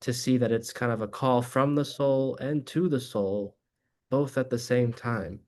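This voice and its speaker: Man, mid-pitched voice, earnest, explanatory, reflective interview guest. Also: unhurried. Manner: animated storytelling, acts out voices in anecdotes. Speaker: guest, addiction treatment director. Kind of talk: reflective conversation.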